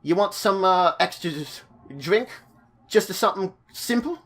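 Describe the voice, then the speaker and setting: A man voicing a simple, rough-spoken female tavern barmaid in a tabletop game. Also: high-pitched, a little slow, a bit bright, pitched above the performer's own voice, exaggerated voice. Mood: friendly. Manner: folksy, plain-spoken.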